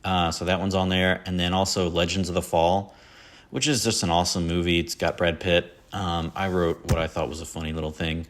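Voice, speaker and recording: A man's voice: low-pitched, little pitch movement, fairly quick. A man hosting a casual solo podcast, rambling and self-mocking about his favorite films and slipping into quoted lines. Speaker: podcast host. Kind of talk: casual solo movie talk.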